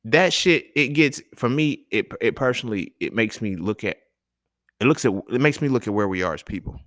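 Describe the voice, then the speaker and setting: A man's voice: medium pitch, expressive, a little fast, fairly bright tone, no room sound, clean studio sound. A man hosting a podcast, talking in a casual, emphatic and profane monologue, chuckling between points. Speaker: podcast host.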